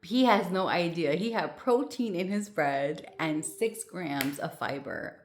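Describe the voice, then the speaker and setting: A low-voiced woman talks casually to her viewers, rambling and restarting her sentences with plenty of fillers. She sounds a little short of breath as she chats. A faint hum sits under the recording. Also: slow pace, few pauses. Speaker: vlogger. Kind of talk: casual chat to camera.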